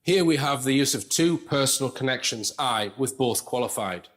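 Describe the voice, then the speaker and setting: Male presenter, mid-pitched, talks through an analysis casually, checking in with the audience. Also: expressive, normal speed, a bit bright. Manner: conversational, explains step by step, frequent "okay" and "right". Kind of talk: lecture-style commentary.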